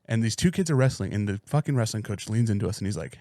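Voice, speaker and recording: A man's voice: on the low side, lively intonation, fast, mellow, no room sound, studio quality. A man co-hosting a podcast, telling rambling, profane stories in casual chat. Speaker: podcast co-host.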